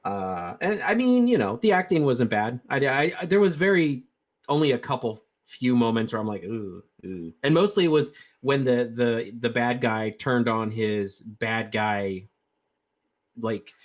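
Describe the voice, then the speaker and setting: A man's voice: medium pitch, expressive, measured pace. A man co-hosting a casual reaction chat, stammering through points and mimicking scenes. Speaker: co-host.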